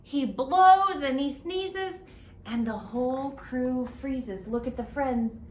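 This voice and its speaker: A woman, a children's librarian, reading a picture book aloud in an animated, playful, expressive way. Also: high-pitched, slow pace. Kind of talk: storybook read-aloud for children. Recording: roomy echo, faint hiss.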